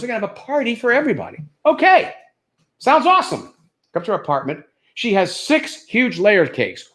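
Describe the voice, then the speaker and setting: An older man who is a comedian, telling stand-up stories in an animated, anecdotal way built around punchlines. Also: a little high. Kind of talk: stand-up storytelling.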